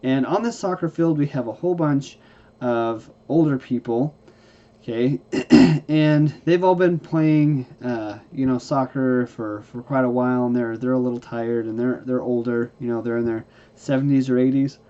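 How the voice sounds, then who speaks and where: In a slightly dull lo-fi recording, a hybrid car repair instructor gives a casual lesson on battery care. His voice is medium in pitch and warm, moving at a moderate pace. Sounding tired, he yawns, keeps asking "okay?" and restarts his sentences in a folksy manner.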